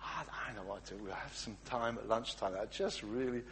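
A man's voice: on the low side, a little fast, fairly bright tone, a little hiss or hum, pitched below the performer's own voice, lightly acted. A man voicing a flustered housewife whose prayers keep rambling off onto errands, full of self-interruptions and hesitations. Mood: dreamy. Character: flustered distracted praying housewife.

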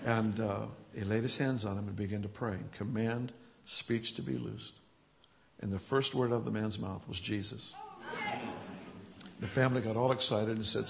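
A man with a gravelly, fry-touched voice at a middle pitch tells story after story of healings from his church. He talks like an interview guest, chuckling at his own punchlines and growing louder and more animated as each account builds. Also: a little hiss or hum. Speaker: church leader. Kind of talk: telling healing testimonies in an interview.

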